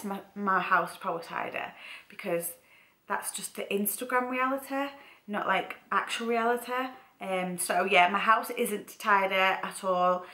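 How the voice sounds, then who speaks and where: Bright-voiced chatty woman vlogging in an echoey room. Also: medium pitch. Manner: chatty, rambling with frequent "like" and restarts. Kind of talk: casual chat to camera.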